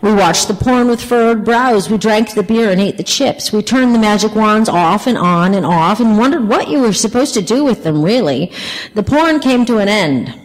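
Woman, author reading her memoir, wry, expressive, reverberant hall. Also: mid-range voice, normal speed. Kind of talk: literary reading.

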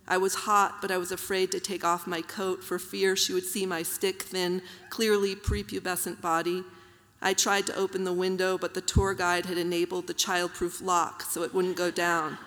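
A woman with a fairly low voice reads her own prose aloud to an audience in a measured, even way, dropping soft fillers between passages. The long reverb of a hall rings around her words.

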